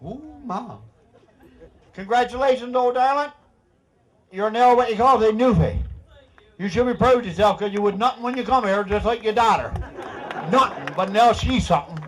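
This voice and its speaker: A man's voice: high voice, moderate pace, pauses often, fairly bright tone. A man with a Newfoundland accent, leading a ceremony with teasing, folksy banter and frequent laughter. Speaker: master of ceremonies at a screech-in.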